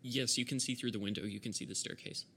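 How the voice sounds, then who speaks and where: A man's voice: mid-range voice, steady tone, fast talker, gravelly, a bit bright, slight background noise. A man narrating as game master of a tabletop game, laughing often as he describes the scenes.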